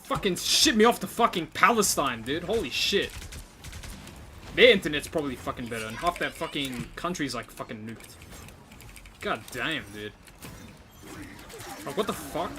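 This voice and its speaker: A man's voice: fairly high pitch, expressive, moderate pace, pauses often, pushed and bright. A young man, casually commenting on gameplay while ranting with lots of swearing and fillers. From Australia. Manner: ranting, profane, frequent fillers. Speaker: gaming streamer.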